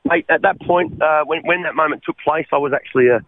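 An Australian man telling his life story as an interview guest, halting and repeating his words, often calling the host mate. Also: on the high side, slight background noise. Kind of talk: personal testimony in an interview. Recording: phone-like narrow line.

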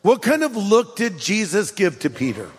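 A pastor from California with a Californian accent, preaching a sermon in a conversational, humorous storytelling manner. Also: male voice, high-pitched, big pitch swings, normal speed, big-room sound.

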